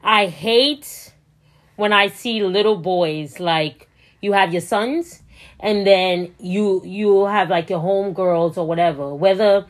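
A young adult woman co-hosting a casual podcast chat, talking bluntly and animatedly and breaking into high laughter. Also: slow pace. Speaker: podcast co-host.

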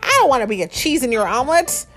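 A woman reading aloud and voicing a nervous, jumpy young man in a storybook, with excited, anxious exclamations. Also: fairly high pitch, fast talker, faint music behind, pitched above the performer's own voice. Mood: panicked.

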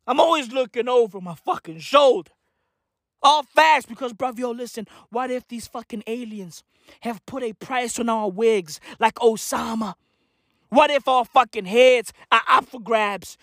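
A woman ranting in a frantic, profane comic monologue that breaks into shouts at times. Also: on the high side, expressive, a little slow, no echo, studio quality. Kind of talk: comic rant.

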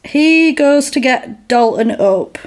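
A woman's voice: sits high, lively intonation, slow. A woman in casual chat, laughing often and acting out the characters as she retells a film. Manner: chatty, laughs a lot, acts out lines. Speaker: podcast co-host.

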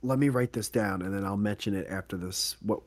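A man co-hosting a casual podcast, excitable and laughing often, swearing freely. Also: lowish voice, fairly quick, slight background noise. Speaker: podcast co-host. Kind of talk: casual chat.

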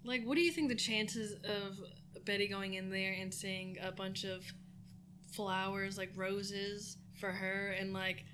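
A woman's voice: mid-range voice, steady tone, measured pace, background noise. A woman co-hosting a podcast in casual chat, making wry, self-deprecating jokes. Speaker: podcast co-host.

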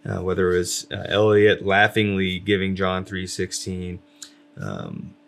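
Gravelly low-voiced man, rambling. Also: expressive, a little slow. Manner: rambling, many fillers, self-described loud. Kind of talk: casual faith discussion.

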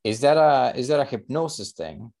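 A man hosting a long-form interview podcast, asking halting, searching questions. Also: medium pitch, very animated, vocal fry, a little mellow. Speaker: podcast host. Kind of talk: casual interview talk.

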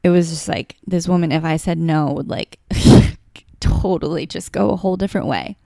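A woman's voice: on the low side, moderate pace, gravelly, warm tone, dry recording, clean studio sound. A woman telling a personal story in a candid, heartfelt way, full of "like" and "you know". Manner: emotional, heartfelt, filler-heavy with frequent "like".

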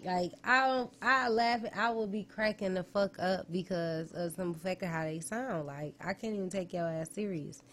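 A woman's voice: lowish voice, normal speed, few pauses, a bit bright. Blunt profane woman, casual chat.

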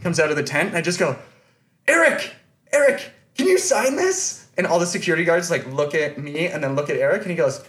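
A man's voice: fairly high pitch, steady tone, very fast, few pauses, fairly bright tone. A man telling a long, rambling story on a podcast, full of restarts and fillers. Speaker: podcast host. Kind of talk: casual storytelling chat.

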